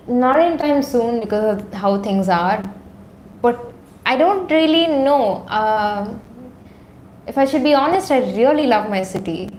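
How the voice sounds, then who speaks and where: An Indian woman YouTuber livestreams from her room at home, recorded on a phone or camera set on a tripod, with slight background noise. Her voice is slightly higher, and she chats casually with viewers, reading their comments aloud and using many fillers.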